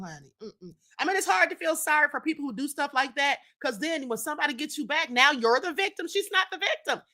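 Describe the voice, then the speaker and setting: A woman's voice: high-pitched, sharp tone. A woman hosting a live stream, reading viewers' chat comments and chatting casually in a sassy tone, often calling her listeners "honey" and "child.".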